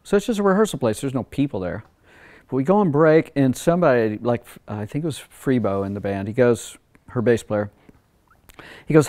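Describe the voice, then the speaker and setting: Older male record producer, animated storyteller, mid-pitched voice that plays out both sides of a conversation. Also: moderate pace. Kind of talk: casual storytelling.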